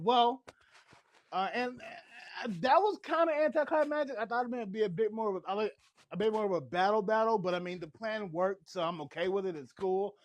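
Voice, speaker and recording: A high-pitched man runs through a TV episode recap in a loose, rambling way, working himself up as he goes. He sounds short on sleep. The mic is close and dry, with no room sound. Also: dry recording. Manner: rambling, excitable, laughing and shouting as he recaps. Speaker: TV show reviewer. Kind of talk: casual spoiler recap.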